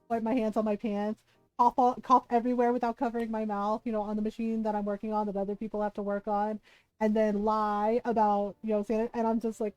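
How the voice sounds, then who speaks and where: A woman streamer chatting casually, ranting in an animated way and swearing a lot. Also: a little high, no echo, poor audio. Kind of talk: casual chat.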